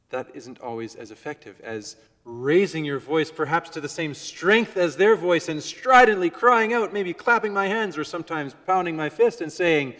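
A man preaching a sermon to his congregation, measured and shifting between soft, gentle phrases and loud emphasis. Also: on the high side, long reverb tail. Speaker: pastor. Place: church before a congregation.

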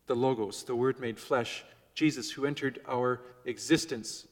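A man of middle pitch delivers a sermon to a congregation, pacing his words carefully. He drops to gentle, quiet phrasing and then rises to loud emphasis. His voice carries a long reverb from the church hall around him. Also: fairly even intonation. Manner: measured, swings from soft and gentle to loud emphasis. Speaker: pastor.

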